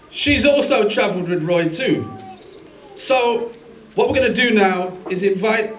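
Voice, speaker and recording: High-voiced man hosting in an echoey hall. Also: slight background noise. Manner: rallying, chatty, with fillers. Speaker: event host. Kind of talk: live event introduction. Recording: echoey hall from far off, crowd.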